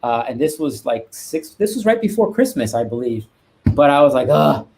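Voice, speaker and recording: A man's voice: medium pitch, very animated, normal speed, a little mellow, slight background noise. A man, a guest art collector, chatting casually on a live stream and rambling with restarts and asides.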